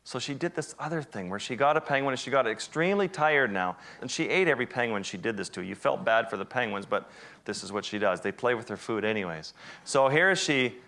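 A man in mid-range pitch tells a wildlife adventure as a live presentation. He is animated and self-deprecating, tossing in vivid asides as the story unfolds. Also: a little fast. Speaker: wildlife photographer giving a talk.

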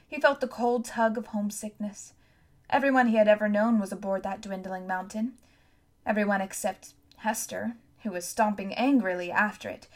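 A woman narrating a novel for an audiobook in a measured, even storytelling manner. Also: mid-range voice.

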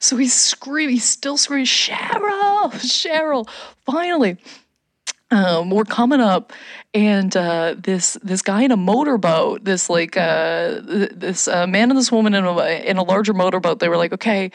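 A woman from Canada telling a funny story in casual chat, animated, swearing and shouting out quoted lines. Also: mid-range voice, moderate pace, no room sound, studio quality.

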